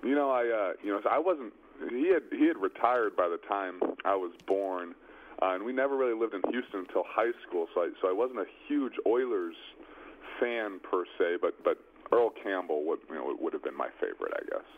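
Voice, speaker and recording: A young man in his twenties, a football quarterback, answering interview questions in a hesitant, halting way. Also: fairly low pitch, expressive. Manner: hesitant, halting, repeats words. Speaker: professional football quarterback guest. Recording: dull lo-fi line with faint noise.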